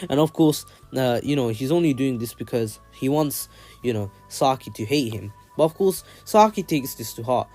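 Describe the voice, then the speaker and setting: A man's voice: mid-range voice, animated, moderate pace, a little mellow, soft background music. A man casually retelling an anime fan story, rambling with plenty of fillers and restarts.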